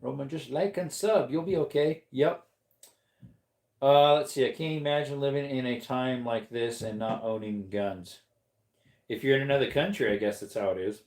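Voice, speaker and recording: A man's voice: mid-range voice, normal speed, darkish tone. Laid-back man streaming in an echoey room. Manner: laid-back, chatty, answers viewer comments. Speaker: livestream host reading chat. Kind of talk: casual live-stream chat. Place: at home.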